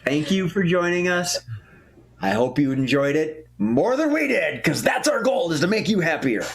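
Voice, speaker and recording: A man's voice: fairly high pitch, big pitch swings, normal speed. A man hosting a live improv comedy show online, joking and laughing often between turns. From Minnesota.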